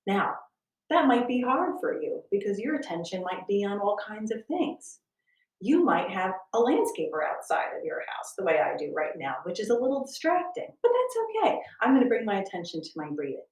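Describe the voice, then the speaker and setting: A woman teaching a guided meditation from her home, speaking slowly and softly and drifting into whispers at times. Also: medium pitch, very animated. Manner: slow, soft and soothing, drifting into whispers. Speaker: wellness instructor. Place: at home, landscaper heard outside. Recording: roomy, distant from the mic.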